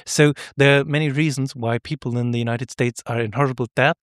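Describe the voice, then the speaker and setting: A man of mid pitch talks through his thoughts in a measured, reflective way while interviewing a guest. His voice sounds close and dry, with no room echo. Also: steady tone. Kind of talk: conversational interview.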